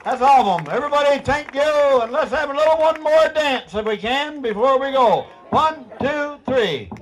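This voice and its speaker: A man's voice: extremely high pitch, animated, fairly quick, soft background music. A man with a Newfoundland accent, leading a ceremony with teasing, folksy banter and frequent laughter. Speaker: master of ceremonies at a screech-in.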